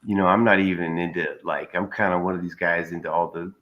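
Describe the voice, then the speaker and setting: Rambling man with a low voice. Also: little pitch movement, fast talker, dull audio, slight background noise. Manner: rambling, filler-heavy storytelling. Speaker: guest caller. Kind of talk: casual chat.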